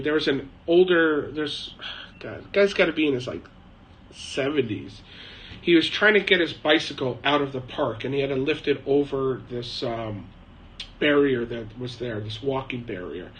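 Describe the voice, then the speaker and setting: A man's voice: medium pitch, a bit bright, a little hiss or hum, low-quality recording. A man hosting a casual live chat from his shed, answering viewer questions in a rambling, chatty way with frequent laughs. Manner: rambling, chatty, laughs often, mimics people.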